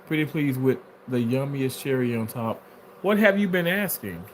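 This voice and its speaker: Lively, animated man chatting on a stream. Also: medium pitch, moderate pace, slight background noise. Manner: animated, playful, laughs often; reads viewer comments aloud and replies. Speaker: livestreamer reading chat. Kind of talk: casual livestream chat.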